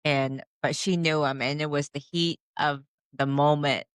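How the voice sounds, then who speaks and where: A woman with a lowish voice co-hosts a casual podcast, raising questions hesitantly and restarting her thoughts often. Her voice is recorded close and dry. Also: fairly even intonation, unhurried, clean tone, no room sound. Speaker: podcast co-host. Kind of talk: casual chat.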